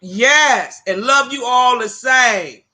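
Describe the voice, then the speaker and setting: Woman, livestream host, casual storytelling, profane, brash, high voice. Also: slow pace, bright, forceful tone. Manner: profane, brash, talks straight to viewers as "y'all". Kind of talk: casual storytelling to live chat viewers.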